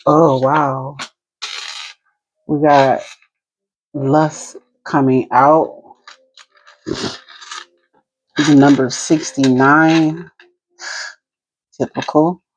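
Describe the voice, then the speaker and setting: A woman with a New Jersey accent doing an intuitive tarot reading at a slow, unhurried pace. She muses aloud over each card and talks directly to spirit. There's a clear hiss of background noise under her voice. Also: sits low, little pitch movement, low-quality recording. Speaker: tarot reader.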